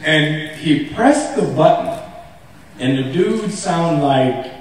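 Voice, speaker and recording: An actor on a convention stage panel tells funny stories casually and with animation, laughing and acting out people's words in a raised voice. His voice is fairly high and he takes it slowly, with slight background noise in the echoey, large hall and a mic heard from a distance.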